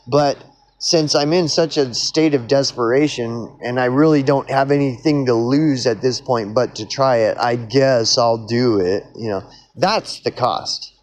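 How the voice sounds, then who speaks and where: A man's voice: mid-range voice, a little slow, darkish tone. A man with an Oklahoman accent in a casual, rambling monologue, swearing freely, repeating himself and restarting his sentences. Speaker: vlogger.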